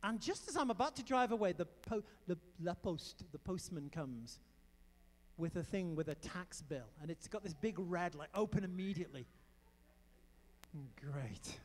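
A high-pitched man delivers a sermon, switching between hushed asides and loud, emphatic bursts as he tells a story. His voice rings out with a long reverb, as if filling a big church hall. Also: normal speed. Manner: animated storytelling with emphatic outbursts. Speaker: preacher.

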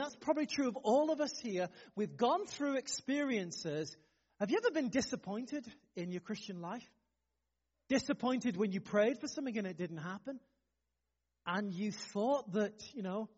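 Lively preacher man, lo-fi sound. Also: high-pitched, slightly rough. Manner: lively, conversational preaching with frequent rhetorical questions. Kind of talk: sermon. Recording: slightly dull, lo-fi sound.

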